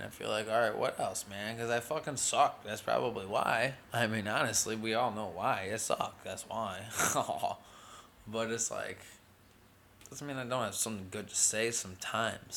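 A man rambles through a loose monologue on his own show, drawling and laid-back, with a gravelly edge to his voice. He swears freely and tacks "man" onto almost every line. A faint noise sits under the recording. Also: on the low side, fairly bright tone. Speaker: podcast host.

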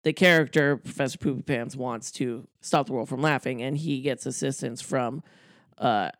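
A person chatting casually about a film, calmly correcting and adding plot details. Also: medium pitch, moderate pace, no echo, studio quality. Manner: relaxed, corrects and adds details. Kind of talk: casual chat recapping a film.

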